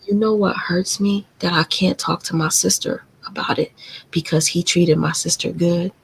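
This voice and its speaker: A woman's voice: on the low side, steady tone, moderate pace, vocal fry, breathy edge, rough recording. A woman hosting a live stream, telling a painful family story in a candid, confiding and profane way. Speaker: livestream host.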